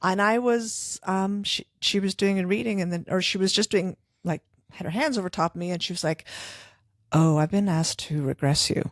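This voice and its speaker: A woman's voice: mid-range voice, steady tone, brisk, hardly any pauses, dry recording, clean studio sound. A middle-aged woman co-hosting a podcast who listens closely, jumps in to finish her partner's sentences, and eagerly tells her own stories. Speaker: podcast co-host. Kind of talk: casual conversation.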